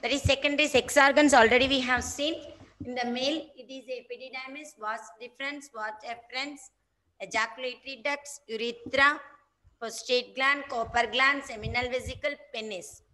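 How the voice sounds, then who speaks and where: A woman teaching an online biology class, going slowly through terms and spelling them out. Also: high voice, fairly even intonation, low-quality recording. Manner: slow, repeats and spells terms for students. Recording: loud background noise.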